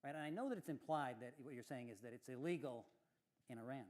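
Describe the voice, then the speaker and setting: A man's voice: medium pitch, rapid-fire, a little mellow. A man giving spoken feedback on a speech, rambling and restarting his sentences often. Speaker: workshop evaluator.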